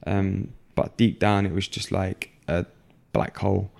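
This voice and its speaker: A young man, telling a personal story as an interview guest in a halting way, full of fillers and restarts. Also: sits low, fairly even intonation, creaky, darkish tone.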